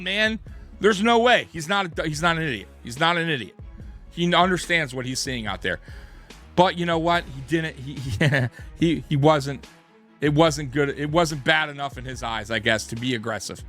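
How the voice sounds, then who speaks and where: Male sports host, heated profane rant, bright forceful tone. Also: fairly high pitch. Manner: heated, profane, restarts sentences. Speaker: sports talk show host.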